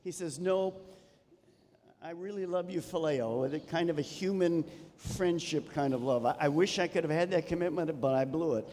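A man's voice: fairly high pitch, normal speed, slight background noise. Preaching man in an echoing church hall. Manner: animated preaching, dropping to soft emphasis. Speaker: pastor. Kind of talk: sermon. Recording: long reverb of a church hall.

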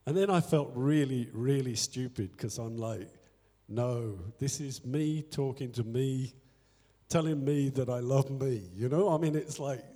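Measured and dark-toned in a mid-range voice, a church elder addresses a service in a church hall, openly recounting his faith journey with quoted inner thoughts and self-deprecating humor. Faint music and echo fill the recording.

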